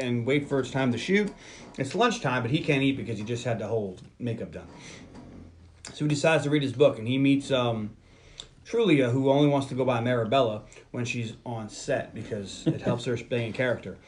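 A man's voice: medium pitch, moderate pace, slight background noise. A man hosting a podcast, retelling a film scene by scene in loose, casual chat with plenty of ums and swearing. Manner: loose storytelling with frequent ums and swearing, mimics characters in quotes. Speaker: podcast host recapping a film.

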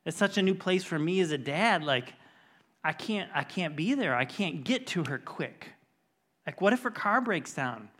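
A man's voice: a little high, expressive, normal speed, a bit bright. Middle-aged pastor guy, earnest, storytelling sermon that gets emphatic.

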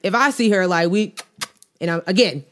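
A lower-pitched woman with co-hosts a casual chat. She teases her friend and leans into the playful moments, dragging out words when she makes a point. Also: a bit bright. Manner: playful, teasing, drawn-out emphasis. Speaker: podcast co-host.

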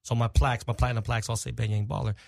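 Fast-talking middle-aged man telling stories. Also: medium pitch, gravelly, no echo, clean studio sound. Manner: animated, profane, acts out quoted dialogue. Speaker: podcast guest. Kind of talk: casual storytelling.

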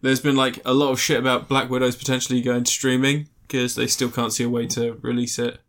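A man's voice: medium pitch, monotone, brisk, fairly bright tone. A young man hosting a podcast, chatty and sweary, laughing often. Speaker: podcast host. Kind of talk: casual chat.

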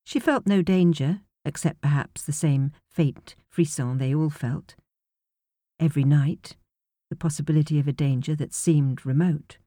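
Female audiobook narrator, lowish mellow voice, measured delivery, dry studio sound. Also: no room sound. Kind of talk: scripted narration.

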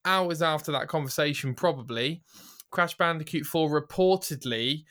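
Bright-voiced man co-hosting a gaming podcast. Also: fairly high pitch, moderate pace. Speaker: podcast co-host. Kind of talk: casual gaming chat.

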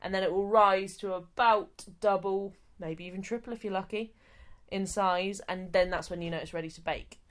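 A woman's voice: medium pitch, steady tone, normal speed. A woman co-hosting a podcast, explaining things step by step in a chatty, joking way. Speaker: podcast co-host. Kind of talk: casual chat.

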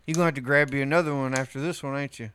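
A man's voice: mid-range voice, steady tone, rapid-fire, background noise. A man co-hosting a podcast in casual chat, teasing and wisecracking. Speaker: podcast co-host.

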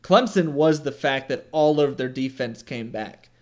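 A man's voice: medium pitch, a little slow, a little mellow. A man co-hosting a casual sports podcast, joking around and often stopping to correct himself. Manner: self-correcting, joking, hesitant. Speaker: podcast co-host.

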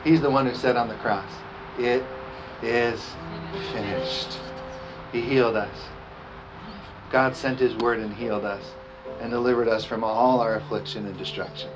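A man preaching a communion sermon, reading scripture with emphasis and slowing down on the weighty phrases. He has the congregation repeat lines after him. The recording sounds dull and lo-fi, with music playing clearly underneath. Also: mid-range voice, steady tone. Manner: emphatic, slows down on key phrases. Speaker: pastor.

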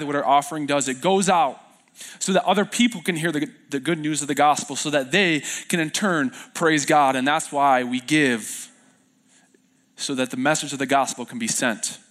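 A man's voice: a little high, normal speed, a bit bright. A young man preaching a sermon as pastor in a church, telling stories in a loose, self-deprecating way with fillers and restarts. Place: church sanctuary.

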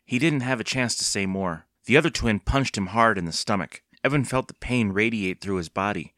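A man narrating a children's horror book as an audiobook reader, steady and expressive. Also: lowish voice, a little fast, no room sound, studio quality. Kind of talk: scripted storybook narration.

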